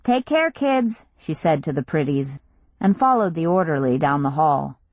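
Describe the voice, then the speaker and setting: A woman narrating an audiobook in a steady, measured reading voice, recorded on a close studio mic. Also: low-pitched, no echo.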